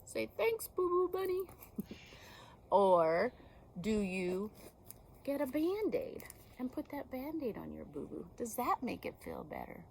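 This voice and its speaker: A woman teacher reading a picture book aloud to young children, gently asking them questions. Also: medium pitch, wildly swooping pitch, unhurried, creaky, pauses often, slight background noise.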